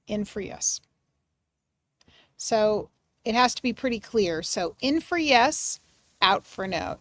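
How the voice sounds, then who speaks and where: A woman hosting a live mediumship reading for her chat, gentle and reassuring, searching for words with many pauses and fillers. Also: mid-range voice, lively intonation, no echo. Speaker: medium and livestream host.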